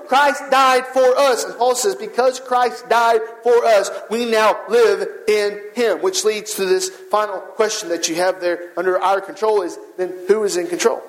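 A man's voice: high-pitched, normal speed, few pauses. A man preaching a sermon, building fervent, repetitive rhetorical runs of short phrases. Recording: echoey hall.

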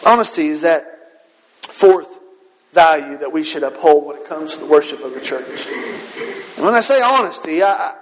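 A man's voice: fairly high pitch, expressive, moderate pace, pauses often, a little hiss or hum. A man preaching a sermon to his congregation, earnest and emphatic, firing rhetorical questions and repeating his points. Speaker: pastor. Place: church sanctuary. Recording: long hall reverb.

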